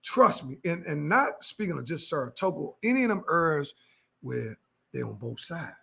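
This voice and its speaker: High gravelly DC man telling stories. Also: moderate pace. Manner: animated street slang, acts out quoted voices. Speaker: podcast storyteller. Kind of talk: casual storytelling chat.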